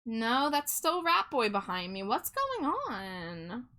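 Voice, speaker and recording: A woman's voice: on the high side, big pitch swings, slow, bright, forceful tone. A woman streamer chatting casually with her viewers while she draws, reading their messages aloud and laughing often.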